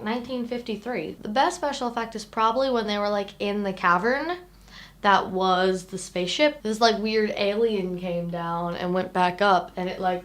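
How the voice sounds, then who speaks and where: A woman hosting a casual sci-fi movie review, talking in a chatty, animated way with lots of "like" fillers and giggly asides. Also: medium pitch.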